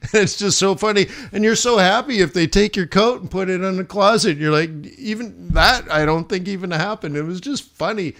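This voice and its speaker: A man's voice: high-pitched, moderate pace, fairly bright tone. A man hosting a live trading stream, chatting casually and rambling through a travel anecdote with plenty of restarts and laughs. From United States. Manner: chatty, many restarts, laughs while telling stories. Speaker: livestream host, forex trader. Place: home studio during live stream.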